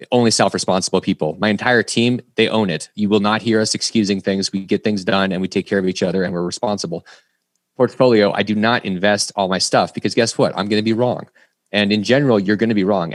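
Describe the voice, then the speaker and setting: A man's voice: fairly low pitch, dry recording. A middle-aged man giving a motivational business talk to a group, telling stories and acting out the dialogue in them. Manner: storytelling, acts out dialogue in quotes. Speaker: speaker presenting to a group.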